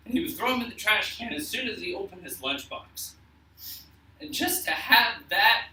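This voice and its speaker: Young man, earnest storyteller, fairly high bright voice, recorded far off in an echoey room. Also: slight background noise. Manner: earnest and emotional, with halting restarts. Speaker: speaker telling a personal story to an audience. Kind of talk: spoken personal storytelling.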